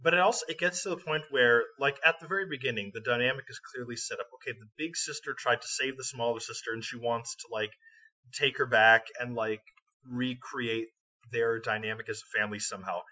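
A man's voice: medium pitch, fairly quick, bright, forceful tone, far from the mic. A man co-hosting a podcast, talking through a film in a thoughtful, reflective way. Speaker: podcast co-host. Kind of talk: casual film discussion. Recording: dull lo-fi audio from off mic.

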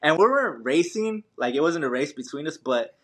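Animated man telling a race story. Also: a little high, fairly quick. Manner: animated, slangy, many fillers and restarts. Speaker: podcast guest, ultramarathon runner. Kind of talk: casual storytelling.

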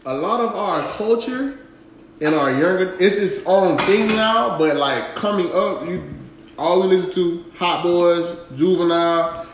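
A man's voice: high-pitched, unhurried, lo-fi sound. A man from Florida with a South Florida accent, co-hosting a casual talk show in a laid-back, slangy way. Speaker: co-host. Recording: echoey room, faint hiss.

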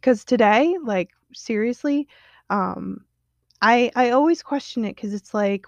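Chatty woman with a gravelly edge. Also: a little high, measured pace, no room sound, highs cut off. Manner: candid and chatty, many fillers and quoted self-talk. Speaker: podcast host. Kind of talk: casual solo podcast monologue.

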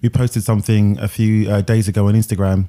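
A man's voice: on the low side, little pitch movement, fairly quick, dark tone. A man co-hosting a film podcast in casual chat, joking and laughing often. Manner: laughs often, loose and jokey. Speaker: podcast co-host. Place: London.

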